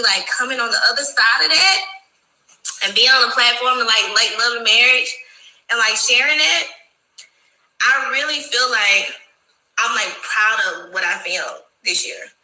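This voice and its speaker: Blunt high-voiced woman, echoey clip. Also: sharp tone. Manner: blunt, profane, emotional, laughs through it. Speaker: reality TV cast member. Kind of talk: candid interview clip.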